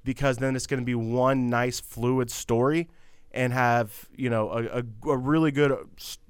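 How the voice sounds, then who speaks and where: A man co-hosting a casual podcast talks in loose, rambling bursts, full of fillers and restarts. His voice is smooth and resonant. The sound is dry and close, with no room around it. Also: medium pitch, fairly even intonation, normal speed, dry recording. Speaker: podcast co-host.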